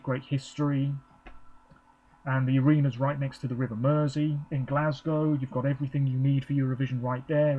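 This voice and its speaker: An English vlogger gives a casual live reaction, chatting and rambling with plenty of ums. His voice is mid-range with a darkish tone, and the audio sounds dull.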